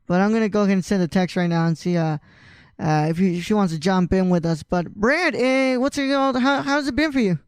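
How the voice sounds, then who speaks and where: A man's voice: high voice, a little fast, clean tone, dry recording. Laid-back man hosting a podcast, dry sound. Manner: laid-back, swears casually, laughs often. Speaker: podcast host. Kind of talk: casual chat.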